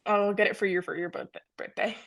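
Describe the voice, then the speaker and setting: A woman's voice: medium pitch, fairly even intonation, fairly quick, a bit bright. Young woman, easygoing podcast co-host. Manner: easygoing, swearing, laughing. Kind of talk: casual chat.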